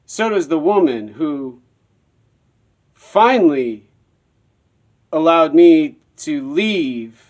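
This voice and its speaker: Male, slightly high voice, rambling and repetitive solo storyteller. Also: lively intonation, extremely slow, pauses often, a little mellow. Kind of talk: personal monologue.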